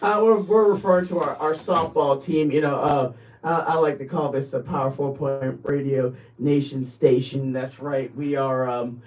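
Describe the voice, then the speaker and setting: A man's voice: medium pitch, steady tone, moderate pace, darkish tone, recorded from a distance, poor audio. A man hosting a casual online radio show, loose and laughing like a hype man.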